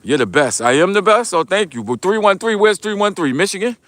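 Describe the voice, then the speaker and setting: A man with a New York accent chats casually on a livestream while walking outdoors, greeting viewers and answering their comments in relaxed slang. His voice sits a little high for a man. The sound is close and dry. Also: brisk, no room sound. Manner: laid-back, reads chat comments aloud, loose slangy talk. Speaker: livestream vlogger. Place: outdoors on a snowy street, walking.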